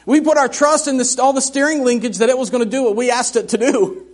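A middle-aged man preaching a sermon in a church, telling folksy, humorous stories in an animated way. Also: extremely high pitch, fast. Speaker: missionary preacher. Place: church sanctuary.

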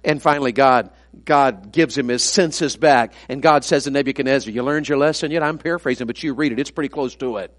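A man preaching a sermon, swinging between loud, emphatic preaching and hushed, confiding storytelling. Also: medium pitch, fairly quick. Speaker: pastor.

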